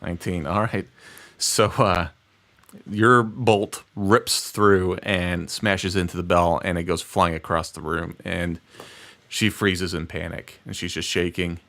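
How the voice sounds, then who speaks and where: A man narrating as game master of a tabletop game, with halting delivery and frequent laughs. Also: deep voice, steady tone, vocal fry, bright, forceful tone.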